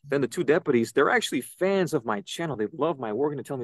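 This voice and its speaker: A young man, a podcast guest, telling an animated story and acting out the people he quotes. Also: mid-range voice, fast talker, no room sound. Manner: excitable, acts out quoted voices. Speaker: podcast guest, citizen news reporter.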